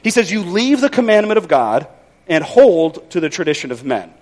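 Male pastor, bright high register, animated delivery, folksy sermon with dry jokes. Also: moderate pace. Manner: conversational, folksy with wry humor.

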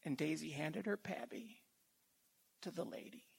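An older man preaching a sermon and reading scripture slowly and haltingly, with emotion and soft whispered stretches. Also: a little high, creaky, slightly rough.

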